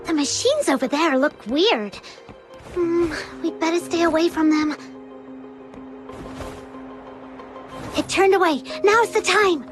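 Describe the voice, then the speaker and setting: A woman's voice: extremely high pitch, expressive, moderate pace, music in the background. A woman voicing a cocky, boastful self-styled demon king in a game cutscene. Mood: wary. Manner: boastful, teasing.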